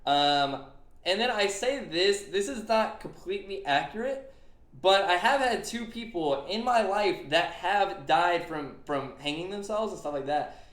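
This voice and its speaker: Young male podcast host, earnest and rambling, a bit high-pitched, echoey room. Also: animated, unhurried, a bit bright. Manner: earnest, retelling a conversation with many fillers. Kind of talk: casual podcast chat.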